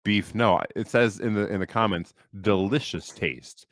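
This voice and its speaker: Male podcast co-host, thirties, very low voice, dry close sound, chatty and amused. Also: fairly even intonation, normal speed, a bit bright, no echo. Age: 30s. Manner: reads list entries aloud, laughs often. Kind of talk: casual chat.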